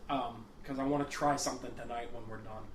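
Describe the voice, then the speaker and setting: A man's voice: medium pitch, fairly even intonation, fast talker. A man co-hosting a podcast, telling rambling stories and swearing freely in casual chat. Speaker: podcast co-host. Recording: echoey room.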